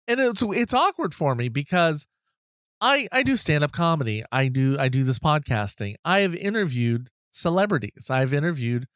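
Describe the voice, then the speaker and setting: A man's voice: mid-range voice, clear, resonant tone, dry recording, studio quality. A middle-aged man hosting a podcast, telling a self-deprecating story in a rambling, casual way, restarting his sentences often. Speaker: podcast host. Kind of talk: casual anecdote.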